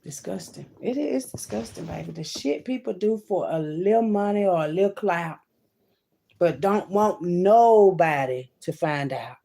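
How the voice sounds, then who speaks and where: Gravelly woman, dramatic outbursts. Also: fairly low pitch, animated, measured pace. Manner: dramatic, swings from loud outbursts to hushed asides; talks to viewers as "baby" and "child". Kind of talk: card-reading monologue.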